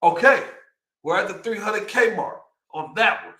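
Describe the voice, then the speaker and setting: A young man with a Texan accent hosting a casual livestream, excitedly reading out numbers and riffing on them. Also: high voice, moderate pace, roomy sound. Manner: excitable, hyped, reads figures aloud and riffs. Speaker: livestream host.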